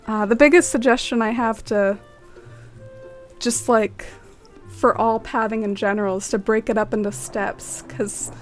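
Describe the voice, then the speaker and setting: A woman's voice: on the high side, steady tone, measured pace, soft background music. A woman streaming a game, chatting casually, greeting viewers by name and using lots of "like". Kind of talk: casual live-stream chat.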